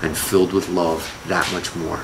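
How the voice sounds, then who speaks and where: A man teaching a scripture lesson as a rabbi, talking with his class in a lively, conversational way. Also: deep voice, normal speed, background noise. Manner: lively, conversational, laughs with students.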